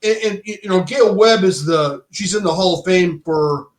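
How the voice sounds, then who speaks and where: Middle-aged guy rambling through bike shop stories, kinda high voice, echoey room, keeps restarting sentences. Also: normal speed. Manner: rambling storyteller, many restarts and "dude". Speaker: podcast guest, former bike shop owner. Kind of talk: casual chat. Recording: roomy echo.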